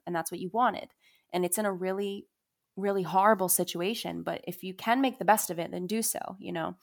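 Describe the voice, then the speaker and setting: A woman's voice: fairly low pitch, fairly quick, vocal fry. A young adult woman, a musician guest in an interview, telling a personal story in a confessional way with lots of "you know" and "like".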